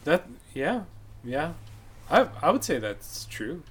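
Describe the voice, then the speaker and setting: A man's voice: on the high side, big pitch swings, takes it slowly, husky. A man in casual conversation, talking hesitantly with many restarts. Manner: hesitant, restarts, laughs easily.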